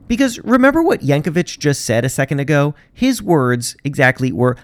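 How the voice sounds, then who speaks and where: A man's voice: fairly high pitch, very animated, normal speed, hardly any pauses, dry recording, studio quality. A man hosting a podcast, narrating from a script with wry, sarcastic asides. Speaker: podcast host.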